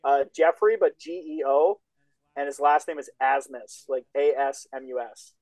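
A man co-hosting a casual comedy podcast, excitable and teasing, swearing often. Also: medium pitch, normal speed, poor audio. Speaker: co-host, comedian. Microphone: remote call. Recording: dry remote call audio.

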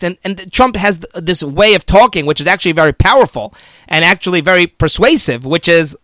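A man with a fairly high voice hosts a political commentary show, talking casually and arguing his point. He keeps slipping into mocking quoted voices of the media. The sound is dry and close, with no room around it. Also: animated, a little fast, pushed and bright, dry recording.

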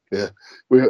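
A man's voice: no echo, muffled recording. A man, a paranormal investigator chatting as a podcast guest, telling stories with frequent laughter and casual swearing. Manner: animated storyteller, laughs often, swears casually.

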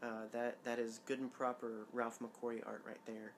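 A man's voice: mid-range voice, little pitch movement, moderate pace, a little hiss or hum. A man chatting casually while watching a film, tossing out trivia, jokes and exclamations. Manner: joking, exclamatory, trivia-sharing. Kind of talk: casual watch-along commentary.

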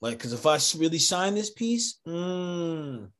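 A man's voice: on the high side, big pitch swings, unhurried, a bit bright. A man hosting a podcast interview, asking loose, enthusiastic questions full of fillers. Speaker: podcast host.

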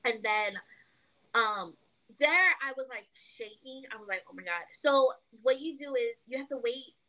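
A young woman co-hosting a casual podcast, telling a long story with animated quoting and lots of "like". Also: high voice, unhurried, poor audio. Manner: animated storytelling, acts out quotes, peppered with "like". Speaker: podcast co-host. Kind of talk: casual chat.

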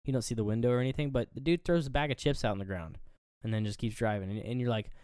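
A man's voice: mid-range voice, rapid-fire, darkish tone, smooth, dry recording, studio quality. A man co-hosting a casual movie review chat, rambling and swearing as he acts out scenes. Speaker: podcast co-host.

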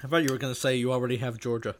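A woman's voice: extremely low pitch, fairly even intonation, very fast, slight background noise. A woman in casual chat, playfully retelling a musical, singing snatches of songs and acting out characters. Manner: sings snatches and acts out characters, laughs often.

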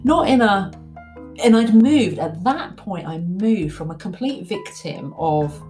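A woman's voice: medium pitch, takes it slowly, soft background music. A woman in her forties, candid and reflective, telling a personal story and acting out the things she once told herself. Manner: candid, reflective, animated when quoting her past self. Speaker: speaker.

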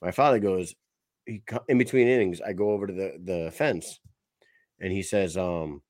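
A man's voice: low-pitched, moderate pace, darkish tone, no room sound, clean studio sound. A man in casual sports chat on a podcast, telling rambling, profane stories with lots of animation. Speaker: podcast co-host.

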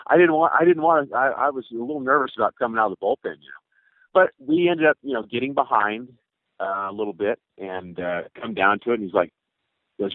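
An older man with a low voice tells rambling stories from his playing days, full of fillers and acted-out quotes. The sound is dry and tinny, like a phone line. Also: sing-song, brisk, no room sound. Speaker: former baseball pitcher. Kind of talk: storytelling interview answers.

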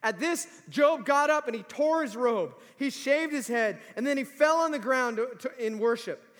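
Man preaching in a high voice. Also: moderate pace. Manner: conversational, animated, emphatic. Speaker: pastor. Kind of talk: sermon. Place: large hall or church. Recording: long reverb of a big hall.

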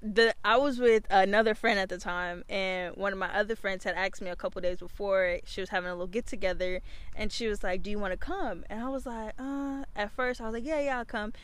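A young woman hosting a podcast, telling stories in casual chat, animated, swearing freely and acting out what people said. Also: medium pitch, fast. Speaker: podcast host.

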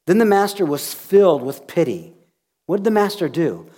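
A man's voice: high-pitched, normal speed. A male pastor preaching a sermon, retelling a scripture story with acted-out dialogue. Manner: animated storytelling, acting out dialogue.

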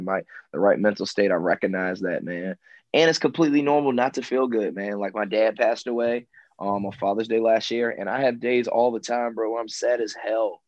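A man's voice: lowish voice, dry recording, dull audio. A man talking in a laid-back way, who keeps saying "man" and "bro" and repeats himself. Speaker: guest. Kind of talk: casual conversation.

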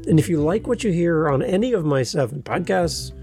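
A man's voice: fairly high pitch, expressive, brisk, gravelly, darkish tone, faint music behind. A man hosting a podcast, chatting casually in a friendly, rambling way with self-deprecating humor. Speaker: podcast host.

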